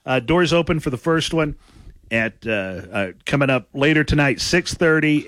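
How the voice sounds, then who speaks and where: A man's voice: a little high, a bit bright, dry recording. A man hosting a radio interview, easygoing and agreeable, asking casual questions. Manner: easygoing, lots of "yeah" and quick laughs. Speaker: radio host interviewing a comedian.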